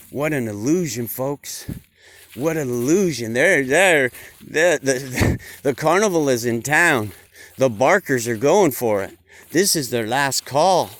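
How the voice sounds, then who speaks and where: A man's voice: mid-range voice, expressive, takes it slowly, fairly bright tone. A man giving a casual, folksy monologue, repeating himself and calling his listeners folks. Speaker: vlogger.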